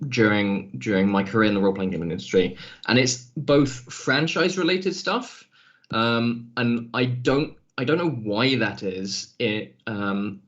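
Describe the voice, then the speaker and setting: A man as a podcast guest, talking through his writing work in a thoughtful, self-deprecating way. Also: medium pitch. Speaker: podcast guest, game writer. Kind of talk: casual interview chat. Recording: muffled lo-fi audio.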